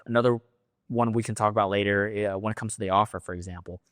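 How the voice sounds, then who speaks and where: A man with a low voice takes part in a casual business discussion. He asks questions and chips in with his own sales tips. His voice is dry and close, with no room sound. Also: steady tone, quick pace, a bit bright, clear, resonant tone, dry recording. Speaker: co-host asking questions.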